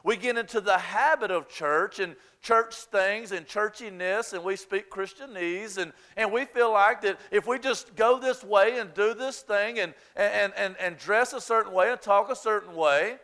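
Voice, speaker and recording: Southern man, pastor's sermon, high voice, bright and forceful tone, hushed prayer rising to fervent preaching, stumbling restarts. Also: moderate pace, hardly any pauses. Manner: repetitive restarts when worked up.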